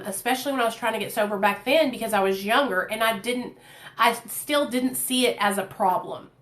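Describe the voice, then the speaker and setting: A woman's voice: on the high side, fairly bright tone. Candid, chatty woman in an echoey room. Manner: candid and profane, chatty fillers. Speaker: vlogger. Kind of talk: casual storytime.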